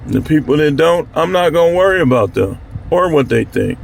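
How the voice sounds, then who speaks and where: A man's voice: fairly high pitch, animated, a little fast, vocal fry, a little hiss or hum. A man from Milwaukee talking straight to his channel's viewers in a blunt, slangy, fired-up monologue. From Milwaukee, Wisconsin. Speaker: channel host. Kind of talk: candid to-camera monologue.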